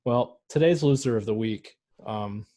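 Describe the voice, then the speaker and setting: A man co-hosting a casual sports podcast, animated and mocking, who often jumps into exaggerated voices. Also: on the low side, measured pace. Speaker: podcast co-host. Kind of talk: casual chat.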